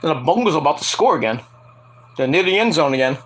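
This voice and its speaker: A man hosting a casual podcast, rambling and joking while he watches a game, with loud outbursts. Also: on the high side, animated, fast. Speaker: podcast host.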